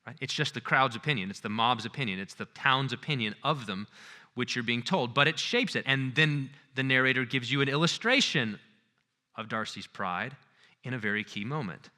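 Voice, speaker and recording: A male lecturer giving a conference talk in an animated, conversational way, acting out scenes as he goes. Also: mid-range voice, normal speed.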